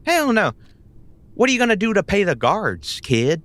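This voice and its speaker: A man's voice: medium pitch, animated, slow pace, fairly bright tone, dry recording. A man voicing a hard-bitten young woman, a smoking gangster's moll who talks tough and calls people kid. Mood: sassy.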